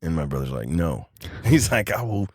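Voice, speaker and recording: Deep-voiced man telling a story. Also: fairly quick, breathy edge, dry recording, studio quality. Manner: animated storyteller acting out quoted voices. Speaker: podcast guest. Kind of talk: casual storytelling.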